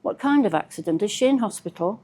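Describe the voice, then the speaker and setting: A woman's voice: mid-range voice, expressive, fast, mellow, slightly rough. A woman reading the lines of a worried female psychotherapist who asks anxious, earnest questions.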